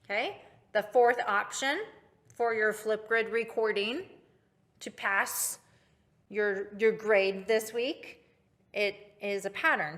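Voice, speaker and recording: A woman's voice: mid-range voice, slow pace, pauses often, a bit bright. A woman music teacher giving an upbeat online recorder lesson, speaking directly to her pupils.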